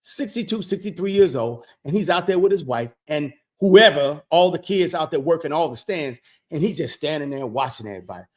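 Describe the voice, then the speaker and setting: A man vlogging, telling a casual story in an animated way, retelling conversations with lots of "I said, he said" and repeated words when he gets excited. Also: on the high side, brisk.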